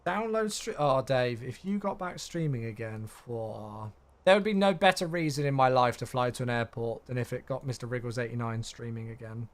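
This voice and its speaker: A man's voice: medium pitch, normal speed. A man streaming a flight sim, chatting casually with viewers and tired from the day. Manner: chatty, reads chat aloud, thanks subscribers. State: tired, yawning. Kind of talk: casual live-stream chat.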